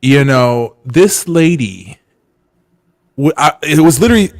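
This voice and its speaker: A man's voice: a little high, expressive, unhurried, no room sound, studio quality. A man in casual chat, telling stories in a loose, rambling way full of restarts and trailing asides.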